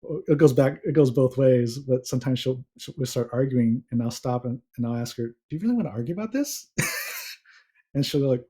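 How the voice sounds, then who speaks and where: A man guesting on a couples podcast, telling a story in a husky, breathy voice. He gets animated and laughs often as he goes along. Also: medium pitch, normal speed. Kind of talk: casual storytelling.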